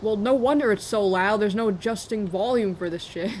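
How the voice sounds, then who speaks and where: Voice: medium pitch, normal speed, a little hiss or hum. A streamer chatting casually during a late-night live game stream, joking, rambling and laughing often.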